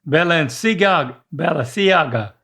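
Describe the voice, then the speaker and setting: A man's voice: fairly high pitch, animated, unhurried, sharp tone. An older man, chatting good-humoredly on a podcast and laughing at his own mistakes. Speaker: podcast co-host, father. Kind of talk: casual chat.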